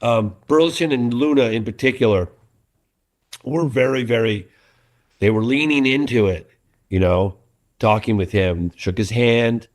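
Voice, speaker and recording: A middle-aged documentary filmmaker chatting as a guest in an interview, an animated and earnest storyteller. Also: male voice, medium pitch, measured pace, pauses often. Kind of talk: casual interview chat.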